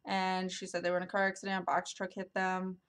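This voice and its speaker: A woman's voice: fairly low pitch, monotone, quick pace, a bit bright, clean tone. A woman vlogger telling a story to camera in a casual, rambling way, with lots of ums and likes. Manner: rambling, filler-heavy, many ums and likes.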